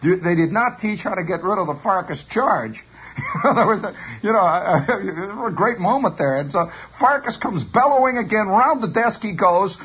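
Animated stammering radio storyteller, a man. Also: sits high, moderate pace, slightly rough. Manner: animated, stammering repetitions, chuckling. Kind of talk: rambling storytelling monologue. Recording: dull lo-fi radio broadcast.

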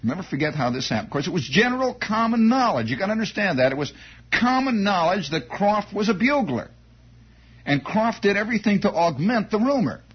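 Male radio storyteller, husky high voice, swooping delivery, dull lo-fi recording. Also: big pitch swings, brisk. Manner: digressive, repeats words, wry asides. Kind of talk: rambling anecdote monologue.

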